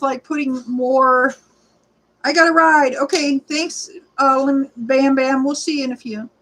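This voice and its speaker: High, bright-pitched woman in her forties, rambling livestream host who greets chat by name and sometimes runs short of breath. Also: rough recording. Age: 40s. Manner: rambling, chatty, greets viewers by name, frequent fillers. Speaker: livestreaming rideshare vlogger. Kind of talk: casual livestream chat reading comments.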